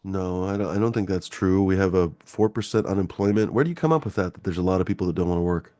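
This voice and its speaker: Middle-aged male call-in host, low voice, dry close sound, swearing, rambling, sarcastic. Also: fast talker, mellow, dry recording. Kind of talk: casual political rant.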